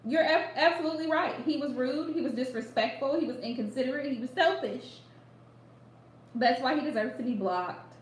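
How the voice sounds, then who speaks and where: Woman doing a live chat with viewers, high voice, says things twice for emphasis, kinda echoey room. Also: normal speed, a little hiss or hum. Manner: animated, repeats lines for emphasis, laughs often. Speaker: livestream host giving readings.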